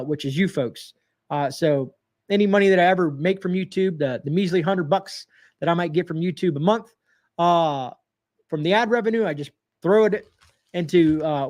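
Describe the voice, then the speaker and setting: Male livestream host, high voice, folksy and rambling, addresses viewers as folks. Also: a little mellow. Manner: reads viewer comments aloud, greets chatters. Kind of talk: casual livestream chat.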